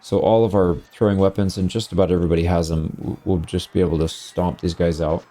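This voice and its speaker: A man with a low voice and a mellow, dark tone talks through his gameplay in a relaxed, chatty way. He reacts to fights and loot as he plays, never formal. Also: fast talker. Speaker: gaming channel host. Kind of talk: casual gameplay commentary.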